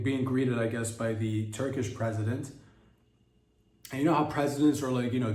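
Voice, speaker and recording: A man's voice: mid-range voice, a little mellow, echoey room, far from the mic. A man hosting a comedy podcast, riffing in a rambling, crude monologue with mock-innocent asides.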